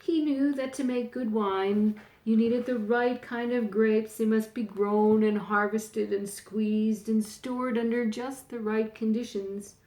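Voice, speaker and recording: An older woman, a grandmother, reading a storybook aloud gently and pointing out the pictures. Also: medium pitch, roomy sound.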